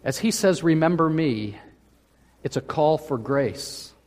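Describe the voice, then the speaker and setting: In a church sanctuary with long, lingering reverb, a male pastor preaches in a slightly higher-pitched voice. He speaks slowly, drawing out phrases and leaning hard on key words, sounding animated yet a little mellow.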